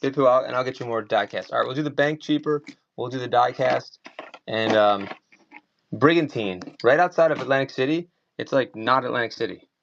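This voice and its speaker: A man's voice: mid-range voice, brisk, creaky, a bit bright, a little hiss or hum. Chatty Maryland man selling live. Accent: slight Maryland. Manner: rambling, chatty, many "like" fillers. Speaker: online auction seller. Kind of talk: casual live-selling chat. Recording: slightly dull lo-fi stream audio.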